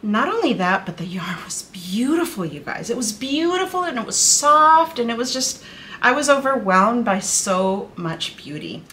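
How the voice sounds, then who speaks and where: A woman's voice: fairly high pitch, big pitch swings, normal speed, pushed and bright, slight background noise. A woman in her thirties chatting casually to her viewers as a knitting vlogger, gushing and bubbly, calling them "you guys".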